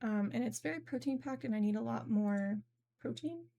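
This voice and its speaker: A woman's voice: fairly high pitch, expressive, normal speed, gravelly, dark tone, dull audio. A young adult woman streaming games, chatting casually and rambling, with frequent laughs. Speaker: game streamer. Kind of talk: casual live-stream chat.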